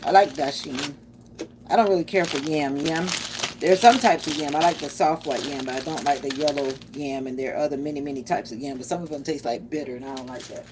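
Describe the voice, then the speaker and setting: A woman's voice: deep voice, brisk, noisy background. A woman vlogger with a Southern US country twang, chatting casually and rambling to viewers while busy with kitchen chores. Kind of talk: casual vlog chat while cooking.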